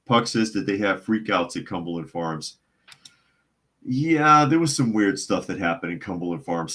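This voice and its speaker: A man with a low, deep voice hosts a live podcast in a loose, casual way. He reads viewer comments aloud and drifts into rambling stories, acting out the other people's voices as he goes. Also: a bit bright, slightly rough. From United States. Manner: rambling storyteller, acts out quoted voices. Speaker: podcast host.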